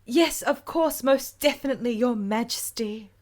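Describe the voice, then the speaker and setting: A woman's voice: a little high, normal speed, a little mellow, pitched above the performer's own voice, close to an everyday voice. A woman reading a nervous young noblewoman's lines, flustered and stammering. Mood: relieved.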